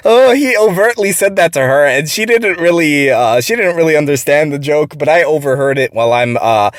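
A man's voice: fairly high pitch, lively intonation, brisk. A man telling a workplace story in a rambling, profane way, full of restarts. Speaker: vlogger. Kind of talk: casual storytelling.

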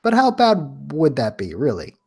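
A man co-hosting a podcast in a casual chat, relaxed, asking questions and giving short agreeing replies. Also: a little high, moderate pace, gravelly, husky. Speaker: podcast co-host.

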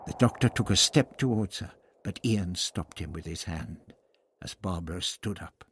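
A man narrating an adventure story as an audiobook, reading in an expressive, dramatic way. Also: low voice, slow pace, husky, dry recording, studio quality.

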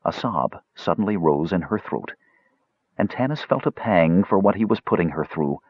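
Husky low-voiced male narrator. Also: lively intonation, moderate pace, no echo. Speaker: audiobook narrator. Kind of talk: scripted narration. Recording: dull lo-fi audio.

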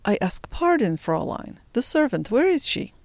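A woman's voice: a little high, big pitch swings, moderate pace, creaky, dry recording, pitched above the performer's own voice. A woman voicing a brusque, arrogant young male officer who speaks in curt commands.

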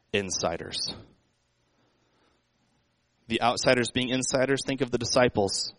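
A man's voice: on the low side, a bit bright, no room sound, poor audio. A man preaching a sermon in a conversational way, asking the congregation rhetorical questions. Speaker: pastor.

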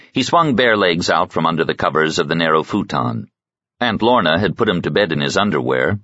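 A man reads a novel aloud in steady, even narration with a very deep voice. The recording is dry and close, with a slightly dull, lo-fi tone. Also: dry recording. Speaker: audiobook narrator. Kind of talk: scripted narration.

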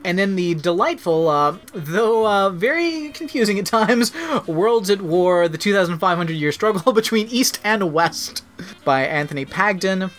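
A man's voice: high-pitched, animated, unhurried, fairly bright tone. Podcast guy telling a story, lots of um and like, easygoing. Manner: rambling, filler-heavy storytelling. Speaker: podcast co-host. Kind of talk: casual chat.

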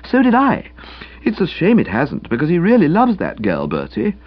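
A breezy young gentleman, mocking and sure of himself, pitched well above the reader's own voice, as a male narrator puts him on. He delivers teasing, mock-solemn lines in a husky tone that swings widely in pitch. The audiobook recording sounds dull and lo-fi. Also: huge pitch swings, normal speed. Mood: musing. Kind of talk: audiobook character voice.

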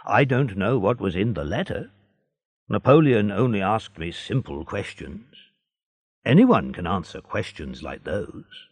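A man's voice: on the low side, animated, measured pace, husky, dry recording, heavily acted. Man reading as an eager young sailor. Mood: earnest. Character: young male seaman, eager and polite.

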